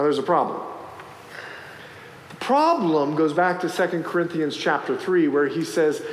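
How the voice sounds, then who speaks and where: Animated preacher in an echoey hall. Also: male voice, fairly high pitch, a little hiss or hum. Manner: animated storytelling, acting out voices in the anecdote. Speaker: pastor. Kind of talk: sermon. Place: church sanctuary. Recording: echoey hall, faint ambience.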